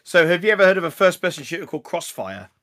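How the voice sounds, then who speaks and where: A man's voice: sits high, very animated, rapid-fire, a bit bright, no echo. Male co-host, dry close sound, wry and matter-of-fact. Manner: wry, questioning, lays out facts plainly. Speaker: podcast co-host. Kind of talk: casual chat.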